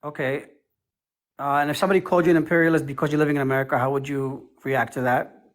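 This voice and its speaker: A man's voice: a little high, steady tone, quick pace. A man born in Israel calling in to a live online debate, defensive and questioning but polite. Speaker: call-in guest.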